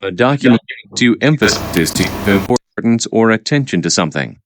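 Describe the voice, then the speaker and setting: A man reading out vocabulary words and their definitions, halting and repeating each word after explaining it. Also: lowish voice, expressive. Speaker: vocabulary teacher. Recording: noisy recording with clicks.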